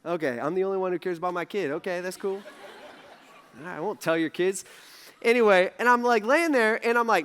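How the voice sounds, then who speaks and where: A man in his thirties gives a casual, story-driven sermon in a church. His voice sits high for a man, and he talks loosely, full of fillers and quick asides. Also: clear, resonant tone. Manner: animated storytelling, lots of fillers. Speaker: pastor. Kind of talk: conversational sermon. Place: church sanctuary.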